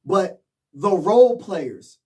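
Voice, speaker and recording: A man's voice: high voice, animated, slow, dark tone, recorded from a distance. A man vlogging as a sports fan, rallying viewers with slangy, repetitive hype. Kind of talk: hyped fan commentary.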